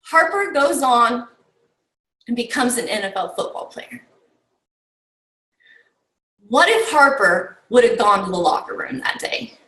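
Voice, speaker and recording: A woman's voice: fairly high pitch, expressive, measured pace, pauses often, bright, forceful tone. A woman coach giving a motivational talk to her team, rallying them with rhetorical questions and lots of "like" and "okay?". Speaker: team coach recapping a summit. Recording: roomy and distant from the mic.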